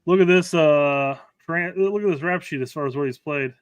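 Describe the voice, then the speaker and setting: Man, fairly high voice, dry close sound, teasing asides, casual soccer chat. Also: moderate pace, clean tone, dry recording. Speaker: podcast co-host.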